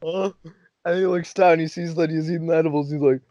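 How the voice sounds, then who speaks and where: A young man hosting a podcast, telling a story in a casual, animated way, often laughing, swearing and acting out his friends' lines. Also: on the high side, fairly quick, dry recording. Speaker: podcast host. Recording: dull dry lo-fi recording.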